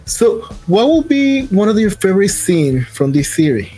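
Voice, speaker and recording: A man with a Spanish accent hosting an interview, speaking haltingly and searching for English words. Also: high voice, big pitch swings, warm tone, faint music behind. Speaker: podcast host. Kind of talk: casual interview chat.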